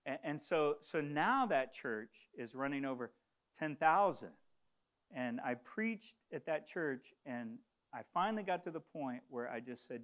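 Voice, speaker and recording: A man's voice: fairly high pitch, lively intonation, a little slow, a bit bright. A middle-aged man from the Congo preaching a sermon, telling a story earnestly and often restarting his phrases. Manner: earnest, repeats words when starting phrases. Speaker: pastor.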